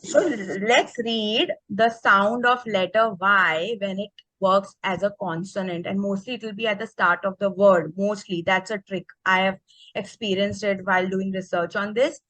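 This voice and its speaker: A woman's voice: medium pitch, steady tone, moderate pace, a bit bright, no echo, rough recording. A woman leading an online teacher workshop. She speaks with energy and keeps checking in with the group by asking "okay?". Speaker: teacher trainer. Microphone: video call.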